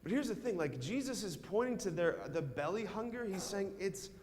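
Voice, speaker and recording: A male priest, his voice a touch higher than most men's, gives a lively homily to schoolchildren. He tells a story from his boyhood and keeps turning to ask the kids questions. The sound carries a long church reverb. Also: normal speed, slight background noise. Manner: animated, storytelling, asks the children questions. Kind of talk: children's homily.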